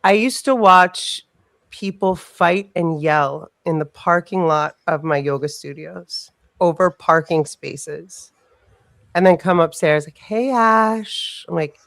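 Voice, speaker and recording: A woman co-hosting a casual chat show, telling a long story in a rambling, animated way and swearing freely. Her voice sits fairly low for a woman. The sound is dry and close, with no room echo. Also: slow pace, creaky. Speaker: podcast co-host.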